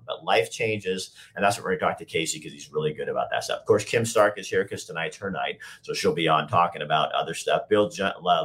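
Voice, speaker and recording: A man hosting a live talk show, chatting casually and rambling, with a slightly hoarse voice and plenty of fillers and restarts. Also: low-pitched, a bit bright. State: a bit hoarse.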